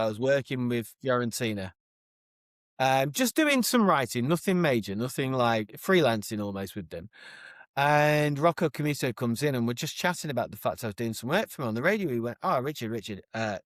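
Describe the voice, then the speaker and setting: A man co-hosting a podcast, telling animated, overexcited stories in casual chat. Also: medium pitch, no room sound, clean studio sound. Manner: animated storyteller, gets overexcited. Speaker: podcast co-host.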